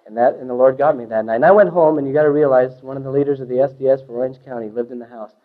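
A man giving a church testimony as an animated storyteller, full of hippie slang, swinging from loud bursts to hushed asides. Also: medium pitch, racing. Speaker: testimony speaker. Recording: dull lo-fi recording.

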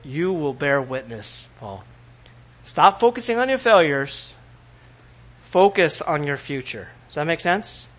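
Male pastor, sermon, animated, quizzes the congregation, acts out quoted voices, fairly high voice.

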